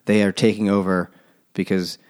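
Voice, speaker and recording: Man, fairly low voice, sarcastic, swearing, casual podcast book recap. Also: level tone, normal speed, darkish tone. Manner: sarcastic, profane, mocking the plot. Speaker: podcast co-host.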